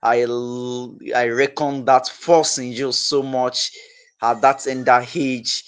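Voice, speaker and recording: A man hosting an interview, asking questions and reflecting, with a halting delivery full of repeated words and restarts. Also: medium pitch, a bit bright, low-quality recording. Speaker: interview host.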